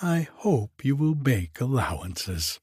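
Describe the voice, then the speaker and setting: A woman's voice: very deep voice, sing-song, slow pace, darkish tone, husky, dry recording, clean studio sound, exaggerated voice. A man voicing a cheerful Welsh hotel manageress with a lilting, apologetic way of talking.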